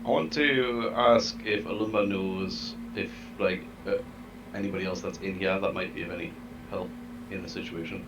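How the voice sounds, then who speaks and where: A man with a very deep, low voice plays a tabletop game, blunt and joking as he throws out ideas. A clear electrical hum and steady noise run under his recording. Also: moderate pace. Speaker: player. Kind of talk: casual tabletop play. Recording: noisy line with hum.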